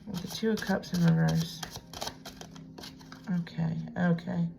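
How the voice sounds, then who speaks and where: At home in a room with a piano desk, a woman does a casual tarot reading, chatting to herself and drifting into hushed whispers. Her voice is fairly low, steady, unhurried and creaky, with background noise.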